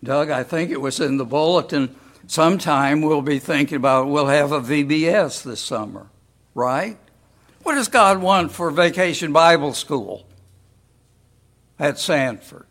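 Slow, deliberate preacher. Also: male voice, a little high, fairly bright tone. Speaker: pastor. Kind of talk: sermon.

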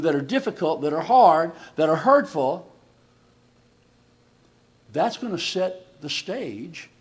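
A man preaching a conversational sermon, often restarting his sentences and swinging between loud emphatic lines and quiet asides. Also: high-pitched, breathy edge.

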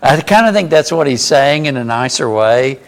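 A man teaching a small Bible class in a relaxed, conversational manner. His voice has a gravelly, rough texture, and he keeps pausing to ask the group questions. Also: medium pitch.

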